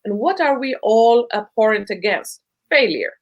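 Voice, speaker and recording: A woman with a somewhat high voice explains how relationships work on a podcast. She talks in an emphatic, teacherly way and stacks words into lists to drive each point home. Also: lively intonation, normal speed, dull audio. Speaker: guest speaker on relationships.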